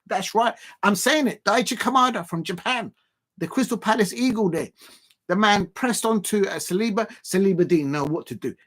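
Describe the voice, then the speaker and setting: A man's voice: high-pitched, normal speed. Guy hosting a stream, hyped up, keeps repeating lines, lots of ums. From South London. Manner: excitable, repetitive, keeps repeating phrases; rambling with many fillers. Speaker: livestream host and football fan. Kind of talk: casual watch-along livestream rant.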